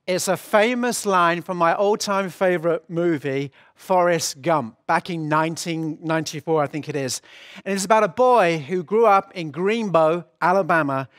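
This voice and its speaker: A man's voice: sits high, fairly bright tone, no room sound, clean studio sound. A man preaching a sermon as pastor, earnest and explanatory, often restarting his phrases.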